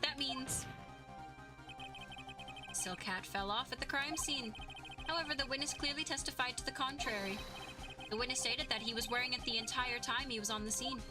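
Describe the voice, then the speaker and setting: A woman's voice: sits high, normal speed, long pauses, music in the background, close to an everyday voice. A woman voicing an earnest young male defense lawyer in a video game, pressing a witness methodically.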